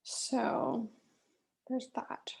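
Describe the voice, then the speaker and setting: A woman recording a candid solo business check-in, angry and stressed, talking in halting bursts, swearing and sometimes dropping to a muttered whisper. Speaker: solo business vlogger reviewing her own work.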